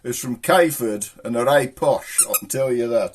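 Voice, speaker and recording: A man's voice: medium pitch, lively intonation, normal speed, noisy background. A man hosting a comedy show in a jokey, rambling way. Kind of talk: casual comic monologue.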